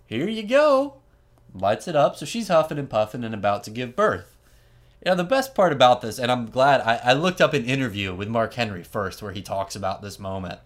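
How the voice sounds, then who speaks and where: A man hosting a podcast, telling a story in an animated, wry, casual way and laughing often. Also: mid-range voice, brisk. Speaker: podcast host.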